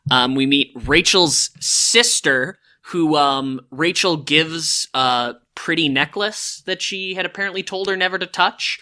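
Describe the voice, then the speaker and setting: A man's voice: on the high side, measured pace, hardly any pauses, bright, forceful tone. A man, a guest on a podcast, filling in small details in casual chat. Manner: mild, fills in details.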